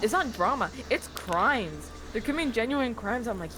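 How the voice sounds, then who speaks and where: A podcast guest in casual chat, talking in animated slang and joking along. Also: medium pitch, moderate pace, a crowd in the background.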